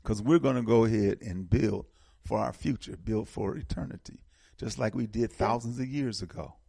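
A man's voice: on the low side, moderate pace, gravelly, mellow, husky, dry recording, clean studio sound. A man hosting a casual political talk show, speaking with passion and often repeating words as he builds momentum. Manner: impassioned, repeats words when fired up.

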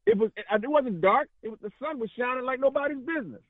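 A man's voice: very high-pitched, fast talker, dry recording. A man calling in to a radio talk show, speaking in a fiery, rambling way and often repeating himself. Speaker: caller. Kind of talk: impassioned call-in talk. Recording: tinny phone line.

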